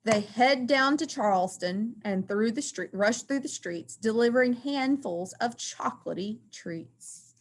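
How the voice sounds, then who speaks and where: A woman teacher reading a rhyming picture book aloud in an expressive, sing-song way. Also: on the high side, unhurried.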